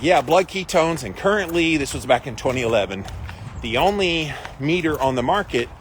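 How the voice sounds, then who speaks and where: A man's voice: medium pitch, noisy background. Chatty man telling a story on a livestream. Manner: chatty, animated retelling of an anecdote. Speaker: host.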